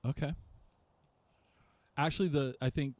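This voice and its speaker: A man hosting a casual interview, upbeat and quick to laugh, with short acknowledgments between questions. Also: a little high, steady tone, a little mellow, no room sound. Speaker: podcast host.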